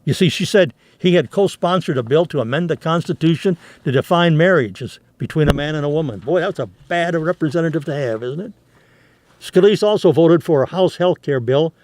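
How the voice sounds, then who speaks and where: A man's voice: medium pitch, darkish tone, dry recording. Indignant man reading news commentary. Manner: indignant, reads quotes aloud with restarts and asides. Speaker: commentary host.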